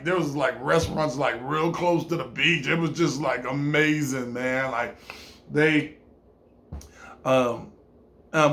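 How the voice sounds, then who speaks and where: A man from California, telling a rambling vacation story in a casual vlog. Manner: rambling, repeats himself, swings between low mumbles and excited high bursts. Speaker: vlogger.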